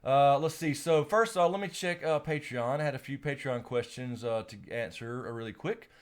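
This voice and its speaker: A man's voice: medium pitch, normal speed, smooth. A man hosting a casual live stream, rambling with lots of fillers and restarts, laughing often, and reading out viewer names and questions.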